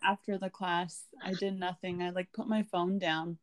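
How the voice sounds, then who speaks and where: A woman's voice: fairly low pitch, flat delivery, moderate pace, dry recording, studio quality. A young woman in a casual phone chat, bubbly and upbeat, giggling often. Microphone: phone call.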